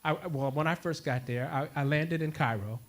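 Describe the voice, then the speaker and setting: A man at a community worship gathering telling a story, animated and laughing, acting out both sides of a conversation. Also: on the high side, normal speed. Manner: animated, laughing, acts out dialogue. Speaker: worship speaker. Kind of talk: storytelling talk to a congregation.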